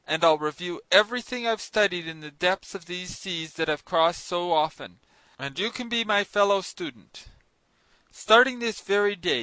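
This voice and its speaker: A man reading an audiobook, voicing a stern, mysterious sea captain who speaks in a cold, commanding, measured way. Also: sits high, pushed and bright, no room sound, low-quality recording. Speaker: narrator voicing characters.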